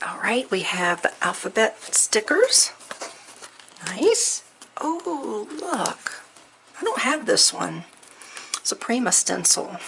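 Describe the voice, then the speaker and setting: A woman chatting through an unboxing, gushing softly and at times dropping to a near whisper. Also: mid-range voice, big pitch swings, slow pace, vocal fry, pauses often, background noise. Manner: gushing, soft-spoken, often near a whisper. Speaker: crafting vlogger. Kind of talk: unboxing chat.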